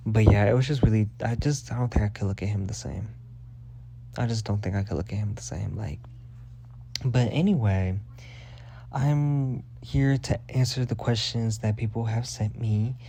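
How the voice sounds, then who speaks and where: A man's voice: on the low side, warm tone. A young man hosting a casual solo gossip podcast, rambling, sassy and full of swearing. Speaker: podcast host.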